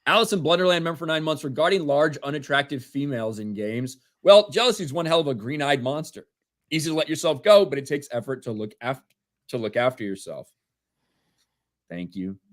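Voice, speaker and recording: Man, 30s, livestream co-host, reading donations, a bit high-pitched. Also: expressive, a little fast. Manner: reads names and messages, laughs often. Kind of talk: casual livestream banter.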